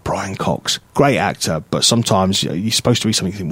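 A man's voice: low voice, animated, fast, fairly bright tone, slightly rough, dry recording. A man co-hosting a casual radio chat show in a studio, chatty, with ums and restarts. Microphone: studio mic.

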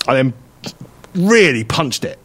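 A man hosting a radio show, telling a story in casual chat, animated and quick to laugh. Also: mid-range voice. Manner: animated storyteller who acts out other people's voices and laughs often. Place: radio studio.

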